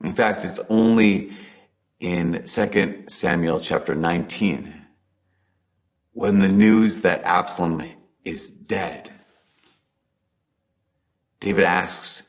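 A man giving a conversational sermon, talking earnestly and dropping to soft emphasis on key points. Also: low-pitched, slow, long pauses. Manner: earnest, builds intensity then drops to soft emphasis. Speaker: preacher.

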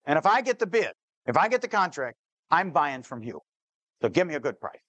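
A man's voice: on the high side, big pitch swings, brisk, fairly bright tone, no room sound. A man voicing an earnest, hopeful builder in his story, pleading under pressure.

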